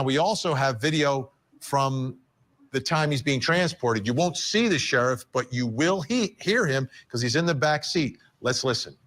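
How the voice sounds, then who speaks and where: A man's voice: medium pitch, a bit bright. Plain-spoken male news host. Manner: plain, explanatory. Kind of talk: news-style presenting.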